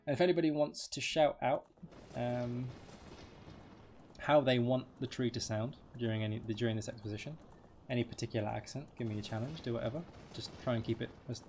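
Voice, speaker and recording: Gravelly, chatty male game streamer. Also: mid-range voice, moderate pace, darkish tone, slight background noise. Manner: chatty, rambling, joking with chat. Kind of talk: live game stream commentary.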